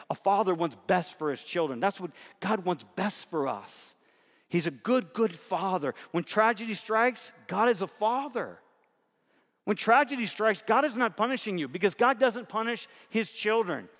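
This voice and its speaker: A man preaching a sermon, talking conversationally and building to emphatic repeated lines. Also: high voice. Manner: conversational preaching, shifts between soft asides and emphatic repetition. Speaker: pastor. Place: church sanctuary. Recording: reverberant hall.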